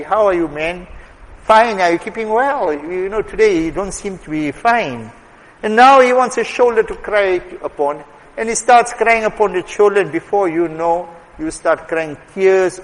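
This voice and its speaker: Man, preacher, high-pitched voice, emphatic sermon delivery, long hall echo. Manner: emphatic, swings between soft asides and raised exhortation.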